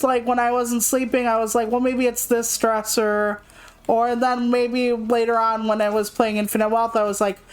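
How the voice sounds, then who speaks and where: A woman's voice: on the high side, poor audio. A young woman streaming a game, chatting casually and candidly, rambling and swearing freely. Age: young adult. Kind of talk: casual gaming stream chat. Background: faint game music.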